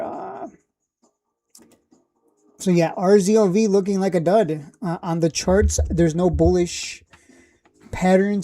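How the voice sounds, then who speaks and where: Rambling low-voiced woman streaming stock picks. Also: dark tone. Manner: rambling, thinking aloud with fillers and blunt asides. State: losing her voice. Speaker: stock livestream host. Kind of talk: casual live-stream chat.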